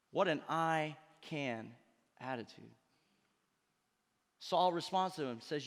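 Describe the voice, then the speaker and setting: A man's voice: a little high, unhurried, pauses often, big-room sound. A male pastor preaching a sermon with emphatic delivery, tossing questions to the congregation. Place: church sanctuary.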